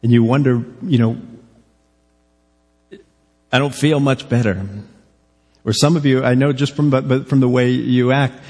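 Husky-voiced man preaching in a reverberant hall. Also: mid-range voice, little pitch movement, a little fast, hardly any pauses, darkish tone. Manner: earnest, conversational preaching with rhetorical questions. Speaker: pastor. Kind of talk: sermon. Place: church sanctuary. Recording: long reverb of a large hall.

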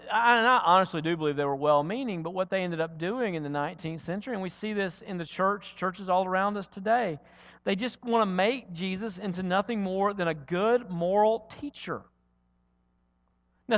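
A man's voice: high-pitched, a bit bright, in a large hall. A man preaching a sermon in a church, earnest and storytelling, building points through repetition.

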